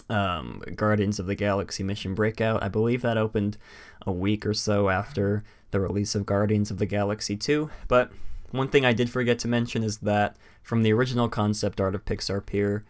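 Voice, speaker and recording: Rambling man with a lowish voice. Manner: rambling, filler-heavy, quick to laugh. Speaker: stream host. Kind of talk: casual live-stream chat.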